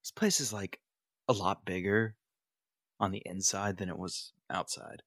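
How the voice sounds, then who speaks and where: A man's voice: deep voice, measured pace, a bit bright, no echo, studio quality. A man playing in a tabletop game, joking around in a playful way. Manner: playful, jokey. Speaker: player. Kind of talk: casual role-play banter.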